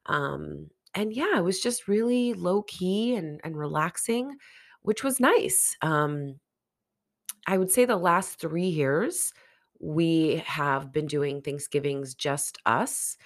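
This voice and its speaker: Sniffly nasal woman, low voice. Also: slow. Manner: candid, encouraging self-help talk. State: under the weather, sniffly. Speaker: podcast host. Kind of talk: casual solo podcast monologue.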